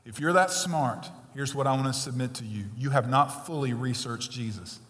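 A man preaching a sermon as pastor, swinging between quiet earnest stretches and loud emphatic passages. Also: mid-range voice, normal speed. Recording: long reverb of a large hall.

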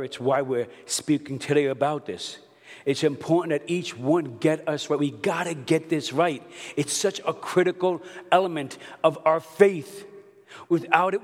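A man preaching a sermon, animated, telling stories and breaking into loud outbursts. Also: a little high. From Brooklyn, New York. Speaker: pastor. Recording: long hall reverb.

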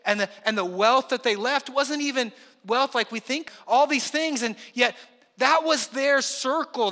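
A man's voice: sits high, pushed and bright. A man preaching a sermon, reading scripture and then talking it through in a conversational way, acting out everyday voices. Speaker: pastor. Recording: long hall reverb.

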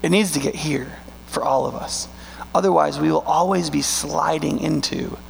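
A male pastor with a high, gravelly voice delivers a sermon, pressing points home with rhetorical questions and words drawn out for weight. His voice rings with long reverb in a large church sanctuary. A faint electrical hum sits under the recording. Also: steady tone. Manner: emphatic, rhetorical questions, slow stressed words.

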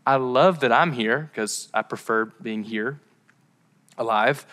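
A young man gives a relaxed sermon to a crowd in a bright, forward voice. He rambles, wanders off on tangents, and keeps dropping in fillers. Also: medium pitch, takes it slowly. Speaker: preacher. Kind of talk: casual sermon to a live crowd.

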